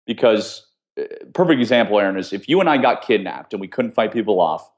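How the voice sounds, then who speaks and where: Steady low-voiced man explaining. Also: fairly quick. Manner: steady, instructive, explains step by step with examples. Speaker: guest, former CIA officer teaching escape skills. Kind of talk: conversational interview.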